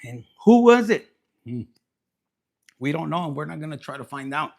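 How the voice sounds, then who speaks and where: A man's voice: fairly high pitch, sing-song, normal speed, vocal fry, darkish tone. Crude, joking man reading tarot. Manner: crude, joking, mixes in Spanish slang. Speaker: tarot reader.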